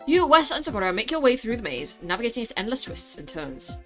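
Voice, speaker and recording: A young woman hosts a playthrough of a mobile story game, reading the text and reacting bluntly. Her voice is high and very bright, and soft music plays underneath. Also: fast talker. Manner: expressive, blunt and swearing when annoyed. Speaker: gaming channel host.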